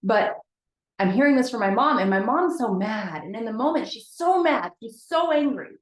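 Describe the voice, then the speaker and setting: A woman's voice: on the high side, lively intonation, normal speed. A woman giving a candid, chatty motivational talk to a live audience, speaking straight to her viewers. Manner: candid, chatty, addresses viewers as "you guys". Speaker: host of a weekly motivational live video. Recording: roomy echo.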